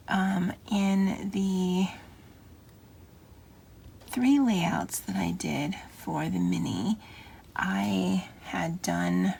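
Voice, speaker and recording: A middle-aged woman chatting softly and often half-whispering as she decorates her planner, with a Valley Girl lilt. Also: lowish voice, vocal fry, a little hiss or hum. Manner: soft, often half-whispered, self-deprecating. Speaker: planner vlogger. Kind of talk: casual crafting chat.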